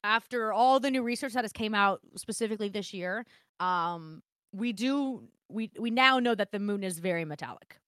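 A woman co-hosting a podcast in casual chat. She reads her notes aloud, stumbles quickly over words and laughs often. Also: mid-range voice, fairly bright tone, clean tone, dry recording, studio quality. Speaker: podcast co-host.

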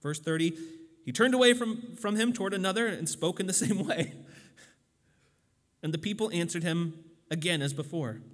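A man with a high voice preaches a sermon in a relaxed, chatty way, restarting phrases and tossing in fillers. His voice rings out with a long hall reverb. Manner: conversational, loose with fillers and restarts. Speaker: pastor.

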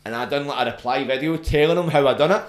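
A Scottish man hosting a podcast, telling stories in a sweary, slangy, animated way. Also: mid-range voice, fast talker. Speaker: podcast host. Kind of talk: casual chat. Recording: roomy echo.

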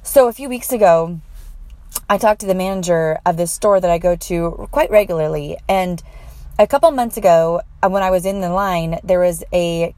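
A woman's voice: lowish voice, moderate pace, darkish tone, dry recording. A woman telling a personal story in an earnest, heartfelt way, with frequent fillers and restarts.

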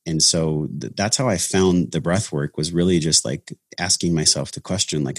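A man's voice: low voice, fairly quick, few pauses, husky, dry recording, studio quality. A man talking earnestly about his path into breath work in a casual podcast conversation, with many restarts. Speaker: breathwork facilitator, podcast guest.

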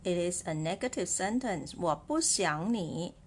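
A woman's voice: lowish voice, animated, unhurried, a little hiss or hum. A woman teaching a Chinese language lesson, explaining step by step, repeating example phrases and often checking in with "right?". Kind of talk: slow, patient spoken lesson.

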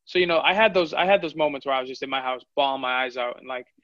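A man's voice: mid-range voice, racing, a bit bright, dry recording. A man in his twenties, a fighter, telling his story candidly in an interview. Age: 20s. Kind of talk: interview answers. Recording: dull lo-fi audio.

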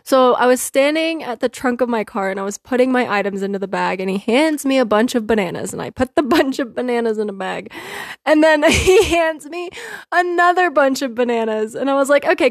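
Woman podcast host, fairly high voice, lively anecdote-telling, dry close mic. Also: dry recording. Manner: animated, laughing often, quotes herself and others. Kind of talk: casual storytelling monologue.

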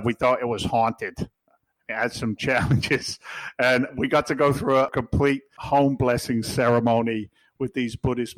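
In a dry, low-quality recording, a podcast guest from England tells casual stories. He's a middle-aged man with a medium-pitched voice and an English accent, and his delivery is blunt, jokey and full of swearing.

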